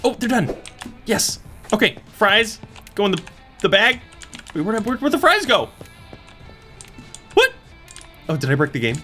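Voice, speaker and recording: A man's voice: a little high, lively intonation, measured pace, pauses often, pushed and bright, soft background music. A young man in playful let's-play commentary, chatting through a cooking game and greeting customers in a cheery service voice. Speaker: gaming YouTuber.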